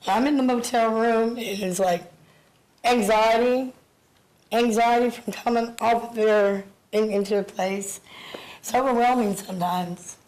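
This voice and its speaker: A woman in her fifties, out of breath, giving an emotional, halting public comment at a city council meeting. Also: a little high, steady tone, a little mellow, poor audio. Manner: emotional, halting, repeating words.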